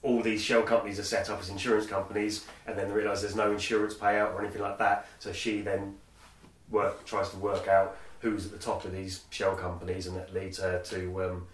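A man chatting casually on a podcast, rambling with lots of ums and pauses. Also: fairly low pitch, flat delivery. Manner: rambling, hesitant with many ums. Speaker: podcast co-host. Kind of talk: casual chat. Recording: roomy echo, from far off the mic.

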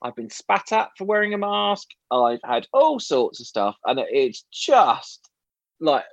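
A man's voice: on the high side, takes it slowly, no room sound. A middle-aged man in casual podcast chat, telling stories with swearing and laughter. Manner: lively, swearing, laughing storyteller. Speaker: podcast co-host.

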